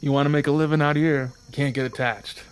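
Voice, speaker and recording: A man voicing a ruthless, gruff male boat leader who gives blunt, harsh orders. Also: a little high, steady tone, fast talker, lightly acted.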